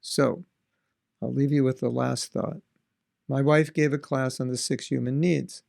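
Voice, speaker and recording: Gravelly man giving a devotional talk. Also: mid-range voice, steady tone, measured pace, darkish tone. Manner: earnest, conversational, asks rhetorical questions. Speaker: spiritual teacher.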